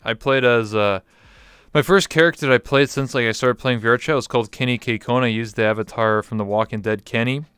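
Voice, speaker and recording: A man's voice: mid-range voice, fairly quick, fairly bright tone, clean tone, no echo. A man from Canada, a guest talking in a candid, reflective way with many fillers. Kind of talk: casual interview chat.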